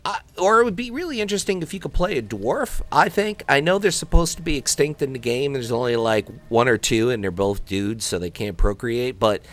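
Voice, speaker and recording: A man's voice: mid-range voice, expressive, a little fast, hardly any pauses, fairly bright tone. A man hosting a let's play, rambling between topics, joking and taunting the enemies he fights. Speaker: gaming video host.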